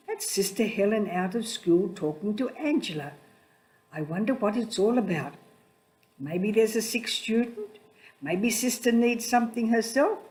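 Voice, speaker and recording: A woman's voice: mid-range voice, expressive, measured pace, a little mellow, lightly acted, poor audio. A woman voicing a puzzled kindly nun. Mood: wondering.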